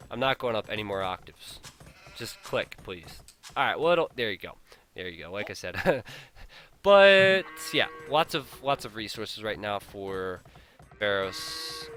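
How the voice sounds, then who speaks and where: A man casting a strategy game live, in a bright, forward voice. He keeps up a steady stream of chatty analysis. He sounds openly incredulous at bad plays and laughs at them, with a faint noise floor underneath. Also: fairly low pitch. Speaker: game caster. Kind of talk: live esports play-by-play commentary.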